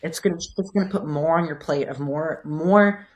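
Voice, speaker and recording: A woman's voice: low-pitched, moderate pace. Thoughtful woman explaining as a guest. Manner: thoughtful, explanatory, frequent "like" fillers. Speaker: physical therapist and coach. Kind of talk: casual podcast interview.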